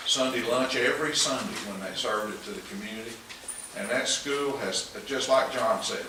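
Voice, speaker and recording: A man with an East Tennessee accent teaching a Sunday school class, folksy and joking, chuckling often. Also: fairly low pitch. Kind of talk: casual church class talk. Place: church classroom. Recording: echoey room, mic far off, noisy.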